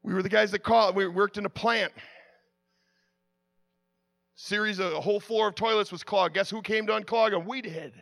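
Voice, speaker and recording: A man preaching, telling a lively personal story with sound effects and frequent restarts. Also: sits high, normal speed, gravelly, pauses often. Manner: drops to a hushed, prayerful tone at the close.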